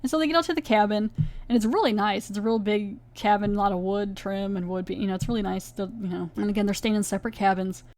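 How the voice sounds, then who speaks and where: A woman hosting a podcast, casually recapping a TV episode in a chatty, animated way. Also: medium pitch, quick pace. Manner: chatty, animated, retells scenes with quoted voices. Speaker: podcast host reviewing a TV episode.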